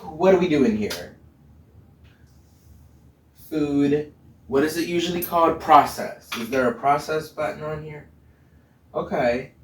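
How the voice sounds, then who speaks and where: Playful man cooking, slow chatty talk. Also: mid-range voice, a little hiss or hum. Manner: playful, chatty, laughs often. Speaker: home cooking vlogger. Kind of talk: casual cooking vlog. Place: home kitchen. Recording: roomy sound from a distant mic.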